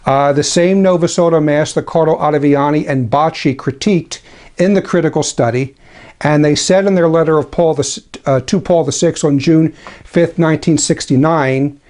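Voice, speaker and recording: A man with a slightly raised pitch delivering a measured, critical commentary. He speaks deliberately, slowing down to read quotations with care. Now and then he drops a dry, ironic aside. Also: darkish tone. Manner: deliberate, slows for quoted passages. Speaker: traditionalist Catholic commentator. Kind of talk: spoken commentary lecture.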